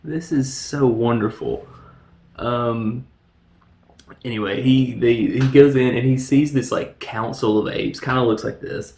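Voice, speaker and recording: A man's voice: mid-range voice, a little slow, darkish tone. A man casually reviewing a film, laughing often and recapping scenes with mock voices. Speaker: movie reviewer. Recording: echoey room.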